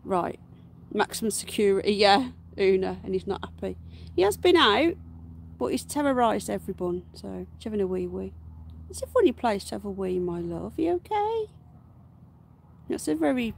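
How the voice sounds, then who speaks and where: A woman hosting a casual livestream, unwell with her voice going, chatting to viewers and cooing at her pets in a high, slow baby voice. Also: expressive, creaky, slight background noise. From United Kingdom. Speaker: livestream host. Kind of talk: casual live-stream chat. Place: garden outdoors.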